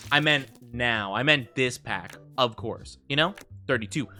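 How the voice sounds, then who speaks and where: Bright-voiced rambling male streamer. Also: mid-range voice, a little slow, few pauses. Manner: rambling, filler-heavy, laughs easily. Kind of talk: casual game stream commentary. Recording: faint background music.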